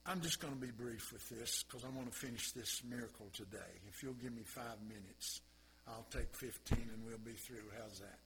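A man preaching a sermon, impassioned, moving between quiet asides and loud exclamations. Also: mid-range voice, normal speed, noisy background. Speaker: pastor.

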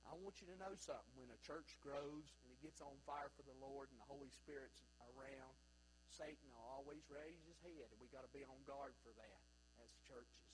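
A man preaching a sermon in a church, swinging from loud, high bursts down to low, quiet stretches. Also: fairly quick, a little hiss or hum, poor audio. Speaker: pastor. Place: church sanctuary.

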